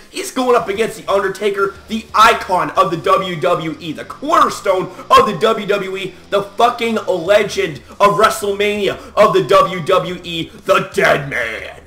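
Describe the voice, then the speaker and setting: A man giving a loud, animated reaction rant as a wrestling fan vlogger, swearing and shouting often. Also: high-pitched, roomy sound.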